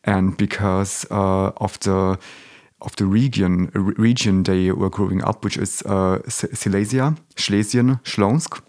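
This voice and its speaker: A man's voice: fairly low pitch, steady tone, unhurried, darkish tone. A young man born in Germany, talking as an interview guest in a casual, hesitant way, often restarting and searching for words.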